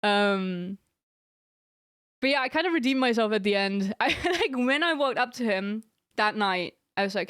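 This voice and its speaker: A woman's voice: medium pitch, animated, moderate pace, fairly bright tone, clean tone, no room sound. Giggly young woman streamer, dry sound. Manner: giggly, rambling storytelling. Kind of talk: casual chat with stream viewers.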